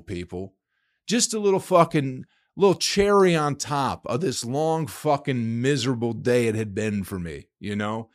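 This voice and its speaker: A man's voice: medium pitch, dry recording, studio quality. A man hosting a podcast, telling a rambling, profanity-filled story in a casual monologue. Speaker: podcast host.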